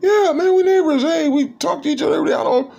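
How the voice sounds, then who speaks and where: A man voicing a friendly, eager male neighbor who insists on giving a ride, in a high, cheery tone. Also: fast, vocal fry, background noise.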